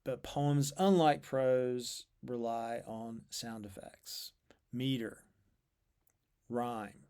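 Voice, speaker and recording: A man explaining poetry in a measured, thoughtful way, with fillers and repeated words. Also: medium pitch, fairly even intonation, warm tone, smooth. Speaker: literature lecturer.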